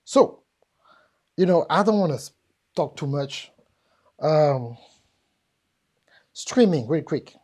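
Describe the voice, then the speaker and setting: Taking it slowly and pausing often, a French-accented woman gives a live business seminar, speaking straight to the audience with jokes and emphasis. Her deep voice is warm in tone and animated.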